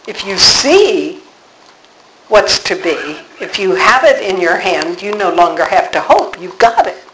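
An older woman, a religious sister, teaching on scripture in an earnest, unhurried way, reading verses slowly and dwelling on key words. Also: medium pitch, echoey room, a little hiss or hum, poor audio. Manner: reads scripture slowly, then speaks with earnest conviction.

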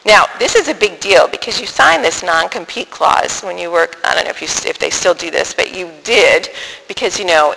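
A middle-aged woman telling a personal faith story in an animated way, acting out the dialogue and laughing often. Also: fairly low pitch, gravelly. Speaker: speaker sharing a faith testimony. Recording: echoey hall with long reverb.

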